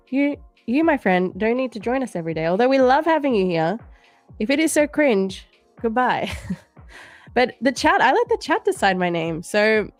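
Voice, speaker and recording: A woman hosting a live trading stream, reading viewer comments aloud in a playful, teasing way and laughing often. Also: medium pitch. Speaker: livestream trading show host.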